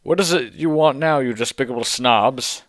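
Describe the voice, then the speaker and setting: A man's voice: mid-range voice, moderate pace, no room sound, lightly acted. A man reading as a cranky old wizard headmaster. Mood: contemptuous.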